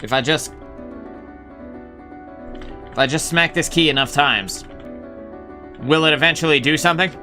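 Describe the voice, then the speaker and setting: A man's voice: a little high, normal speed, pauses often, sharp tone, soft background music. A man streaming a game live, rambling casually as he thinks aloud and swears now and then. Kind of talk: casual gameplay commentary.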